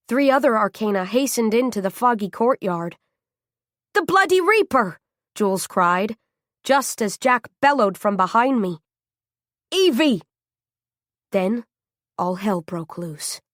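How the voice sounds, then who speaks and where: A woman reading a first-person novel aloud as audiobook narrator, in a tense, dramatic, measured way. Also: mid-range voice, no echo, clean studio sound.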